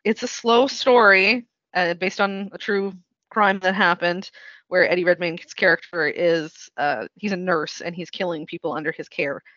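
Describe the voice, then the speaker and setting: Bright-voiced chatty woman, podcast guest. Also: fairly low pitch, fairly even intonation, moderate pace, dry recording, highs cut off. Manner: chatty, laughs while talking. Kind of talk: casual chat.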